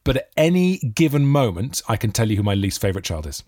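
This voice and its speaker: A man's voice: on the low side, very animated, quick pace, a little mellow, no echo. A man in his thirties, chatting casually as a podcast co-host, telling rambling, jokey stories. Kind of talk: casual chat.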